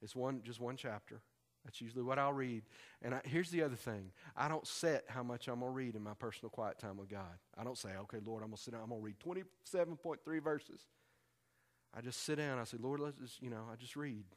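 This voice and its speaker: Pastor preaching conversationally. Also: male voice, mid-range voice, a little fast. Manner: conversational, emphatic preaching with repetition. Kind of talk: sermon.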